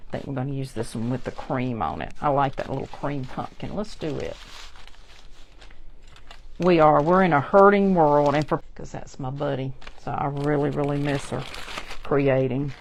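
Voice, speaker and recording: A woman's voice: very deep voice, normal speed, creaky, a little hiss or hum. A woman hosting a chatty live crafting demonstration, talking straight to her viewers. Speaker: craft tutorial host.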